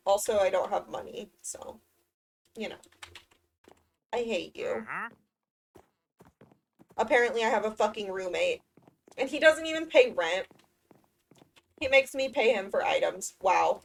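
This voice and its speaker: A woman's voice: medium pitch, vocal fry, distant mic. A woman streamer talking to herself during a game, swearing often and easily exasperated. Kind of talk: casual gameplay commentary.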